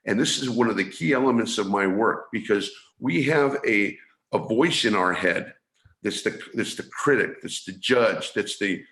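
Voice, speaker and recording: Over roomy video call audio, a San Francisco man who trains people in energy awareness explains his work earnestly as an interview guest, frequently restarting his phrases. His lowish, slightly bright voice has lively intonation at a moderate pace.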